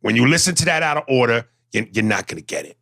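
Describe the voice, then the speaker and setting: A man co-hosting a podcast in casual banter, animated and quick to jump into voices. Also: vocal fry, no echo, clean studio sound. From United States. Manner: animated, jumps into high-pitched voices and impressions. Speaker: podcast co-host.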